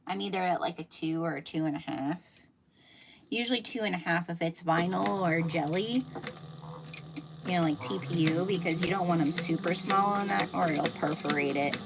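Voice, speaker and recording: Middle-aged woman, Pennsylvania Dutch accent, chatty sewing teacher; husky low voice, noisy background. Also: moderate pace. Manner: chatty, thinking aloud while sewing. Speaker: sewing instructor. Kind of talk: live sew-along tutorial. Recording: noisy room with machine clicks.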